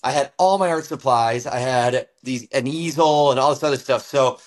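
A man who used to snowboard professionally tells a story in a loose, animated way, full of fillers like "like" and "dude.". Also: mid-range voice, normal speed. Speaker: guest, former pro snowboarder. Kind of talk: casual storytelling in an interview.

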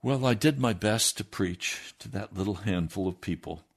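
A man reading a first-person memoir aloud in a steady storytelling manner. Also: fairly low pitch, moderate pace. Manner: steady storytelling with lively acted quotes. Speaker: reader.

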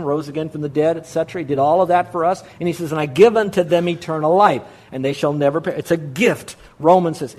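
Emphatic preaching man, slightly high voice. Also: a little mellow. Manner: emphatic preaching with repeated phrases. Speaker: pastor. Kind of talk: sermon.

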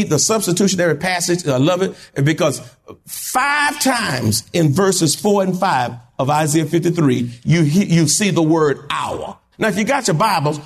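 Animated preacher with a high, lively voice. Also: male voice. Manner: call-and-response preaching, rising to shouts. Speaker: pastor. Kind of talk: sermon. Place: church.

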